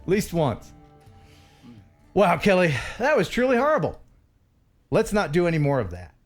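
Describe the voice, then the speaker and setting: An American man hosting a casual live stream, playful and quick to laugh as he reads viewer messages. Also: high-pitched, huge pitch swings, faint music behind.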